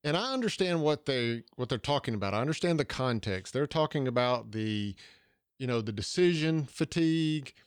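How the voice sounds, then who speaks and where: A man's voice: medium pitch, animated, normal speed, clean tone, no echo, studio quality. A man with a Southern US accent from Georgia, hosting a podcast interview in an earnest way and often restarting his phrases. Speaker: podcast host.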